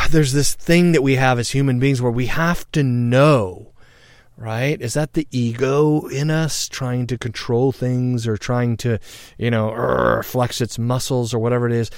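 A middle-aged man telling a personal story in a halting, reflective way, pausing often and getting loud at tense points. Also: medium pitch, dry recording, studio quality. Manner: halting, reflective, with many pauses and fillers; grows loud and excited when recounting tense moments.

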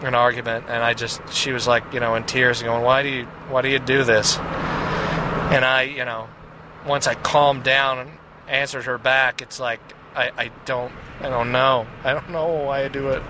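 A man's voice: medium pitch, level tone, unhurried, noisy background. A man hosting a podcast, talking in a casual confessional monologue, rambling with many restarts and "right?" tags. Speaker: podcast host.

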